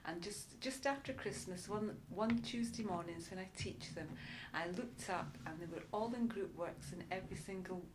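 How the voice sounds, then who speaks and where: A woman teacher telling a classroom story in an interview, warm and playful. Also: medium pitch, moderate pace, few pauses, background noise. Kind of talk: anecdotal interview talk.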